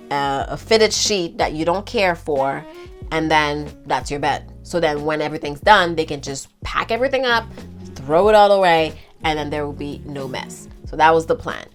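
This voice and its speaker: A woman in her thirties chatting casually to her viewers, telling a personal story in an animated, talkative way. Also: fairly low pitch. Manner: chatty, animated, addresses viewers as girl and y'all.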